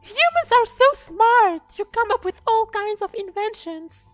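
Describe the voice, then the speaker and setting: A man reading game lines puts on a sweet, obsessive female kraken girl, all eagerness and doting care. Her voice sits extremely high and bright, like an eager falsetto. It is recorded close and dry. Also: animated, unhurried, no echo, faint music behind, full character voice. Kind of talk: reading game dialogue aloud.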